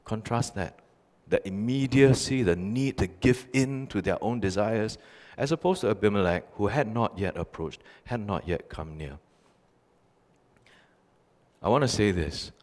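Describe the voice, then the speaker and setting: A man's voice: on the low side, expressive, unhurried, pauses often, darkish tone. A male pastor preaching a sermon, telling stories animatedly with emphatic repetition. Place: church sanctuary. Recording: long church reverb.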